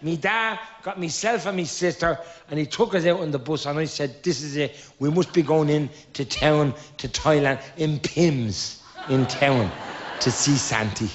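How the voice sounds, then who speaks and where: A man's voice: fairly high pitch, measured pace. A middle-aged man with a Dublin Irish accent telling stand-up stories, acting out the characters in his own voice. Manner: lively storyteller, acts out characters in his own voice. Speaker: comedian. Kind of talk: stand-up storytelling. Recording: dull lo-fi live recording.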